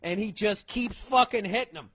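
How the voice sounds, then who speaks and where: Husky, profane man doing stand-up. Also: high-pitched, moderate pace. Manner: loud, swearing, acts out characters. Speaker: stand-up comedian.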